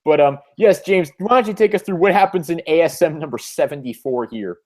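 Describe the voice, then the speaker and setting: A man hosting a casual comic review chat, relaxed with wry asides. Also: fairly high pitch, a little fast. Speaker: host.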